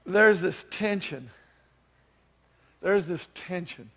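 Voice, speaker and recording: A man's voice: high-pitched, slow pace, vocal fry, fairly bright tone. A man in his fifties preaching a sermon in a chatty, self-deprecating way, telling stories with animation. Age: 50s.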